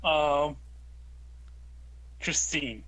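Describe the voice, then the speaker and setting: Guy narrating his character in a tabletop game, slow, lots of ums. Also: on the high side, fairly bright tone, rough recording. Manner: slow, hesitant narration with fillers. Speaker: player.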